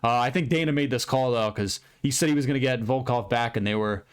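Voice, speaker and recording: A man's voice: mid-range voice, quick pace, clear, resonant tone. Blunt, foul-mouthed man recapping fights. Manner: profane, blunt and rambling, with bursts of excitement. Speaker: MMA commentator recapping fights. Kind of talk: casual fight recap vlog.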